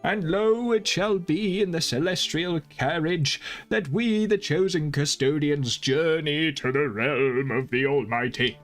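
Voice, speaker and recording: A man voicing an old, grave male lord from a game, with a solemn, stately delivery and a lowered voice. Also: unhurried, faint music behind, lightly acted.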